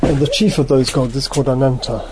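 Halting, thoughtful male teacher. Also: mid-range voice, fairly even intonation, a little mellow, low-quality recording. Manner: halting, thoughtful, corrects himself mid-sentence. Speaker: teacher leading a study group. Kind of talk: reading a text aloud and explaining it.

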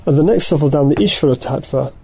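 A man teaching a study group, reading passages aloud and then explaining them in a halting, thoughtful way, often correcting himself mid-sentence. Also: fairly high pitch, dark tone, breathy edge, rough recording.

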